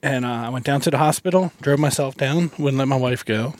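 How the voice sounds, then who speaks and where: A man's voice: mid-range voice, a little fast, a little mellow, no room sound. A man in casual conversation, telling a personal story in an earnest, folksy way, recorded in a parked van. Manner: earnest, folksy, laughs between lines. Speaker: guest.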